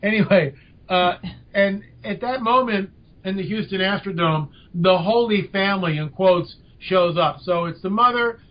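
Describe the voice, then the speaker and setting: An older man, a podcast guest, telling a story with lively emphasis. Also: high-pitched, measured pace. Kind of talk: storytelling in an interview. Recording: dull lo-fi audio.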